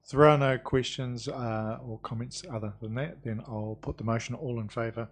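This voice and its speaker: A man chairing a council committee meeting, brisk and procedural with dry quips. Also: medium pitch, fairly even intonation, slight background noise. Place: council chamber.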